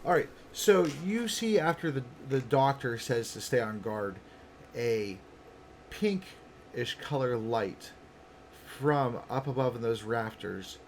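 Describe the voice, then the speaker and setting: Male game master, slow and deliberate, faint hiss in the room. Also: medium pitch, lively intonation. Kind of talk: narrating a tabletop game.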